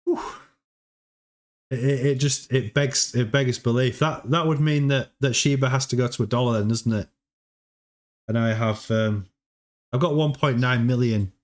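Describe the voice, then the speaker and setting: A man's voice: mid-range voice, measured pace, pauses often. Chatty guy hosting a live stream, stumbles and repeats words, laughs easily. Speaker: livestream host. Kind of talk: casual livestream chat.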